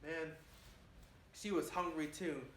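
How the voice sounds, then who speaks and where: A man's voice: on the high side, steady tone, slow pace, a bit bright. A man in his twenties rambling boastfully in a casual monologue, often saying "man". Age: 20s. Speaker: vlogger. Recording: echoey room with faint hiss.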